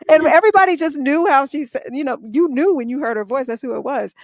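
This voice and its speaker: A woman from Atlanta with a light Southern US accent, chatting as a guest DJ and telling stories in a lively, laughing way. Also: sits high, quick pace, hardly any pauses, dry recording. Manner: animated storyteller, laughs often. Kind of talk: casual chat.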